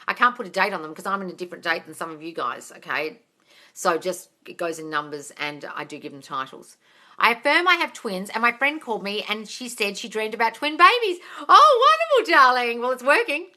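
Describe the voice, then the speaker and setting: This is an Australian woman with a bright, forward voice, answering viewer questions on a casual live stream. She is frank and unfiltered, swears now and then, and calls her audience darling. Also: medium pitch. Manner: reads out viewer comments in a lively voice.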